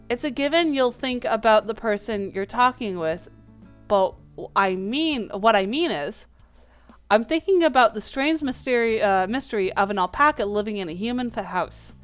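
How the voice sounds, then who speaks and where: Woman host, higher voice, smooth and clear, reads a game's dialogue aloud with slips and asides, faint music behind. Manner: reads lines with small slips and restarts. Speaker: let's play host reading a dating game aloud. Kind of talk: reading game text aloud with asides.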